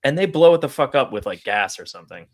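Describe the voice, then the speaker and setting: Podcast co-host, male, lively swooping delivery, salty and animated, acts out lines. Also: medium pitch, fast. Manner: animated, acts out comic dialogue, swears a lot. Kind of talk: casual comic book discussion.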